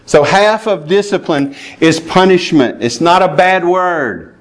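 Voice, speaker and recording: A man's voice: high voice, lively intonation, a little slow. A man preaching a sermon, plainspoken and emphatic, with chuckles and asides to the congregation. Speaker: pastor.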